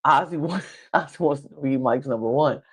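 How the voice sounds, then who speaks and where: A woman recapping a reality show in casual talk. She is animated, laughs often, and acts out other people's lines with big jumps in pitch. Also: fairly quick, slightly rough. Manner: laughs often while talking. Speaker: podcast guest.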